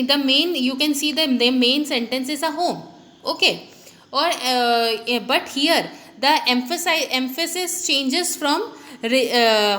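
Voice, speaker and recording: A woman's voice: sits high, sharp tone. A woman teaching a grammar lesson, explaining step by step and saying "okay" often. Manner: explanatory, repeats "okay" often, many restarts.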